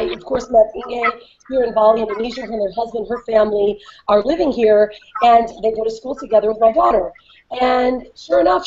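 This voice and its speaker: An American woman hosting a casual interview over a video call, animated and chatty. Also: a little high. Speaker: host. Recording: dull lo-fi video call audio.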